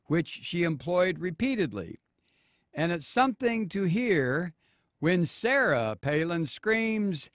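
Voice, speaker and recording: A man hosting political talk radio, reading a news story slowly with many fillers and sarcastic asides. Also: fairly high pitch, dry recording, studio quality. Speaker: radio talk show host.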